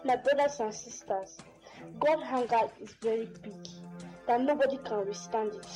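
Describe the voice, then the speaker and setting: High, mellow woman pleading in testimony. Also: low-quality recording. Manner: pleading, halting. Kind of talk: preaching testimony. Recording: faint background music.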